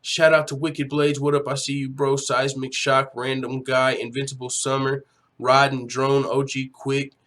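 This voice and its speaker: Young dude streaming from home, laid back, cusses a lot, talks to chat. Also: male voice, medium pitch, flat delivery, normal speed, a bit bright. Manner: laid-back, swears freely, reads chat aloud. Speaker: livestream host. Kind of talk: casual livestream commentary.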